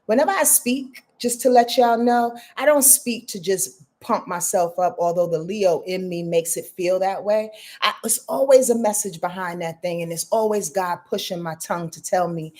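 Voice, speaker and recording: A woman in her fifties, an astrologer hosting a live reading, talking in a rambling, heartfelt, expressive way. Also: mid-range voice, moderate pace. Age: 50s. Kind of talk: casual live talk.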